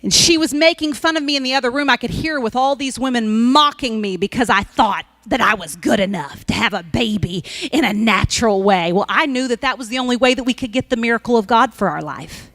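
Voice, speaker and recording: A woman pastor delivers a sermon, weaving a personal story into emphatic preaching. Her voice sits high and bright, recorded close and dry with no room echo. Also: a little fast, hardly any pauses.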